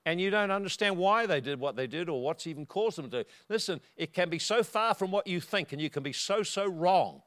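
A man's voice: animated, a little fast, hardly any pauses. A man preaching a sermon, telling a personal story and acting out the voices in it. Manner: storytelling, acting out quotes with big swings of pitch and loudness.

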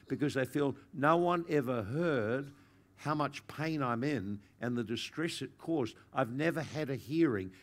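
A man preaching a pastoral sermon with an earnest, caring delivery. His voice sits in an ordinary middle register for a man. He swells with emphasis and then eases back to a hushed, gentle tone. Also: mid-range voice. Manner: earnest and pastoral, rising to intensity then softening. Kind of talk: sermon teaching.

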